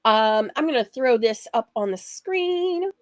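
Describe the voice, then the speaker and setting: Sewing show host, woman, husky from allergies, rambling and unhurried, recorded dry and close. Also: fairly high pitch, expressive, dry recording. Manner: rambling, chatty, laughs often. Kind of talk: casual chatty livestream.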